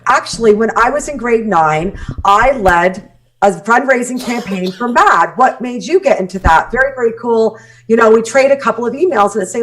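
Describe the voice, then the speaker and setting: A woman from Canada with a somewhat high voice talks in a casual interview. She is blunt and animated, and she acts out the messages she quotes. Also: normal speed. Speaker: guest, speaking coach.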